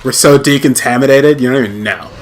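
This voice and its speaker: A mid-pitched man chatting loosely while playing a game, piling up fillers and restarting his sentences. Faint noise sits under his voice on a home mic. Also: quick pace. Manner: rambling, full of fillers and restarts. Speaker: let's play host. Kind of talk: casual gaming chat.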